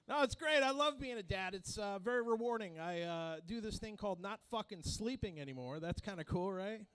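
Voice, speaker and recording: A man doing a stand-up set in a small club, loud and crude, teasing the crowd. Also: high voice, animated, normal speed, smooth. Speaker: stand-up comedian.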